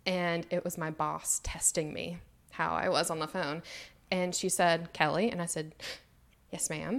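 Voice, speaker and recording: Chatty Southern woman, lowish voice. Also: little pitch movement, unhurried, vocal fry, a bit bright. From Mississippi, US. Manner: chatty, laughs often, says "like" and "y'all". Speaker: podcast co-host. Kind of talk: casual chat.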